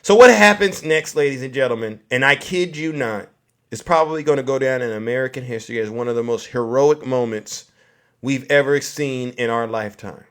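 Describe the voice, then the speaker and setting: A man's voice: mid-range voice, a little fast, fairly bright tone. A man doing a political comedy rant, mocking his targets and acting out little scenes. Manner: mocking, acts out scenes in put-on voices.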